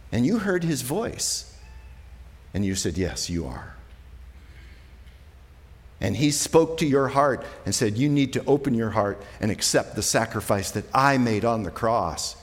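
A man preaching as a pastor, talking conversationally, moving between quiet, slow passages and emphatic ones. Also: mid-range voice, long reverb tail. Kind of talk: sermon.

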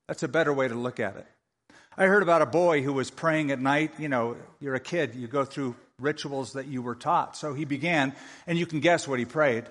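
A man preaching a sermon as pastor, lively and humorous, acting out other people's prayers to make his points. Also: mid-range voice, brisk. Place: church sanctuary. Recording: long reverb of a large hall.

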